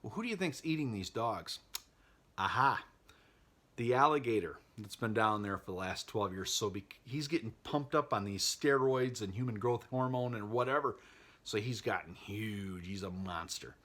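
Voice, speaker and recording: A man's voice: lowish voice, animated, normal speed, a bit bright. A man casually recapping a movie he loves, chatty and wry, laughing at the plot. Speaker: movie vlogger.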